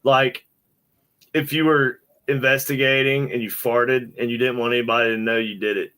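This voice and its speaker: A man's voice: mid-range voice, little pitch movement, normal speed, sharp tone, clear, resonant tone. A man co-hosting a podcast, chatting casually, joking and laughing along. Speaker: podcast co-host. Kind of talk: casual chat.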